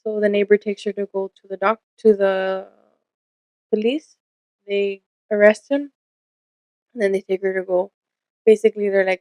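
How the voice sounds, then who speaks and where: A woman's voice: mid-range voice, flat delivery, moderate pace, long pauses, a little mellow, no echo, poor audio. Young woman, casual podcast chat, blunt and sweary, dry close sound. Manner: candid, swears freely, retells stories with quoted lines. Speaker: podcast co-host.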